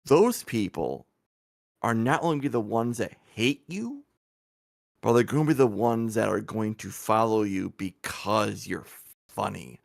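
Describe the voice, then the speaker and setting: A man's voice: on the low side, lively intonation, a little slow, creaky, no room sound, clean studio sound. A man on a livestream scolding someone with rhetorical questions. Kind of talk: livestream commentary.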